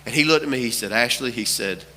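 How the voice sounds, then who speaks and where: A man's voice: mid-range voice, fast talker, sharp tone, long reverb tail, a little hiss or hum. A man preaching a sermon as pastor, telling a story with repeated phrases for emphasis. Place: church sanctuary.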